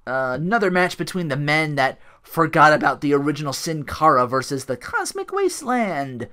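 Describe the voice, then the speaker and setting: A man's voice: a little high, big pitch swings, moderate pace, sharp tone. A man hosting a solo podcast, recapping a wrestling show in a rambling way full of likes and restarts. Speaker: podcast host.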